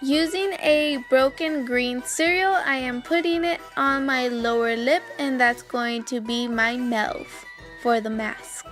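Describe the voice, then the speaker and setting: A woman's voice: sits high, slow pace, soft background music. A young woman giving step-by-step voice-over narration for a makeup tutorial. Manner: steady step-by-step instructions. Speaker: makeup vlogger.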